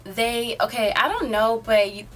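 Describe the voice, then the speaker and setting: A teenage vlogger of eighteen drifts through a casual story, her speech cluttered with "um" and frequent "like"s. She talks a little slowly in a slightly high voice.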